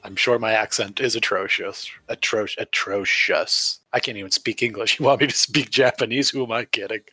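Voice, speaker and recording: A man's voice: lowish voice, fairly even intonation, moderate pace, sharp tone, breathy edge, no echo. A man co-hosting a casual review show over a remote call, jokey and self-deprecating, rambling through his points. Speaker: podcast co-host.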